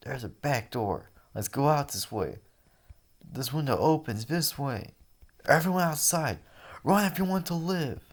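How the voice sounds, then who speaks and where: A man's voice: a little high, expressive, unhurried, pitched above the performer's own voice. A man doing a frantic, panicked student. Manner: frantic, shouting orders. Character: panicked young male student rallying classmates.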